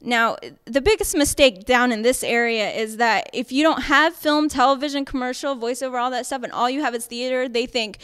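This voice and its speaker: A woman's voice: fairly high pitch, brisk, few pauses, fairly bright tone, clear, resonant tone. A woman teaching an acting workshop, speaking emphatically and chattily with frequent fillers and check-ins with the room. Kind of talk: workshop lecture.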